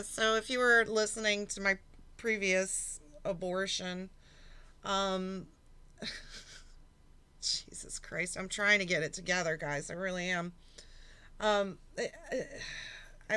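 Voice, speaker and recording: A woman's voice: medium pitch, bright, forceful tone, clear, resonant tone. A middle-aged woman hosting a livestream in casual chat, flustered and swearing, laughing through her setbacks. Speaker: livestream host.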